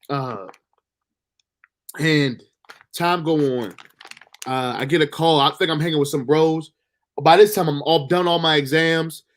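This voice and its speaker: A man with a somewhat high voice tells a story from his own life. He is emotional and near tears. He halts and restarts often. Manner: halting, full of fillers and restarts. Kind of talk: personal storytelling monologue.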